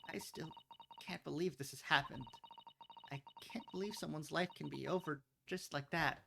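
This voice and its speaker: A man voicing a gentle, polite young woman who speaks softly and tearfully. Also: on the high side, gravelly, background noise, pitched above the performer's own voice. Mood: grieving. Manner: soft, tearful, halting.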